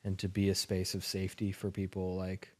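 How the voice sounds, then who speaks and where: A man's voice: sits low, completely flat delivery, a little fast, darkish tone. A man hosting a podcast, talking in an earnest, reflective way and swearing casually. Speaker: podcast host. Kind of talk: casual heartfelt conversation.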